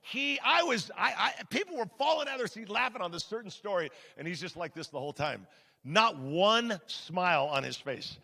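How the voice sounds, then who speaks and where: Male pastor, gravelly and bright, chatty sermon delivery in a big reverberant hall. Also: high voice, normal speed. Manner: animated, conversational, asks the audience questions. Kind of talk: storytelling sermon. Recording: long church hall reverb.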